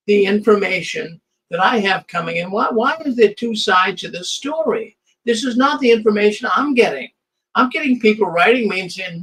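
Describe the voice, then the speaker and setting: A man's voice: sits high, moderate pace, fairly bright tone, rough recording. An older man hosting a commentary show, talking in an indignant, sarcastic way with stammering restarts as he reacts to video clips.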